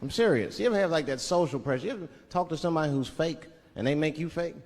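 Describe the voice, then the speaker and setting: A man performing a stand-up set, talking in an animated way and slipping into put-on voices. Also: on the high side, quick pace, a little hiss or hum. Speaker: stand-up comedian. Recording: live venue with long reverb, loud crowd.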